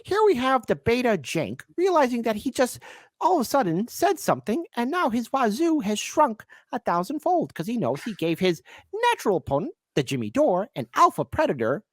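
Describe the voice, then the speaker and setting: A man putting on a high, reedy Kermit the Frog voice, narrating like a nature documentary. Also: big pitch swings, a little fast, dry recording, studio quality, full character voice. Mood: mocking.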